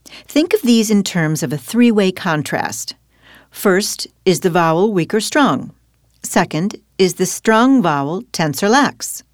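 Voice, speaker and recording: Questioning woman teacher with lively pitch. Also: takes it slowly, dry recording, studio quality. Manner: patient, questioning, guides with prompts. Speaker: language teacher. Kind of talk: scripted teaching dialogue.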